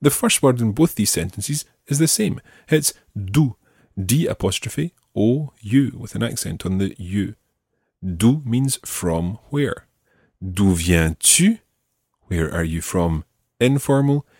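A man teaching a French lesson, explaining and slowly modelling phrases for learners to repeat. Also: lowish voice, darkish tone, husky, no echo, studio quality. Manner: slow, careful modelling of phrases. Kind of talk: audio language lesson.

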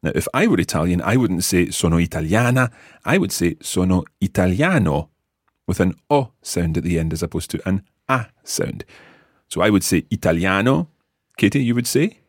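Deep husky Scottish man teaching. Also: expressive, fairly quick, no room sound, clean studio sound. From Scotland. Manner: patient, enunciates words for learners to repeat. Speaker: language teacher, podcast host. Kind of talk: audio language lesson.

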